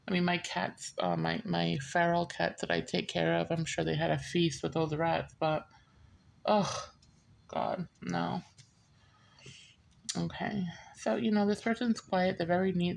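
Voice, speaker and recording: A woman's voice: deep voice, vocal fry, a little hiss or hum. A woman giving a casual, rambling reading, often laughing and drifting into side stories. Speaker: tarot reader. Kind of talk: casual chatty reading monologue.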